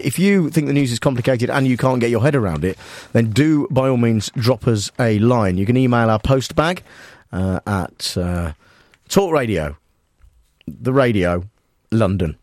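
Rambling deadpan radio host man. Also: mid-range voice, normal speed, no room sound, studio quality. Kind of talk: spoof talk radio presenting.

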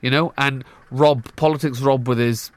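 A man with a Glaswegian accent hosts a radio show, his medium-pitched voice fairly even in intonation and moderate in pace, with no echo. In relaxed studio chatter, he playfully jokes with and teases his co-hosts.

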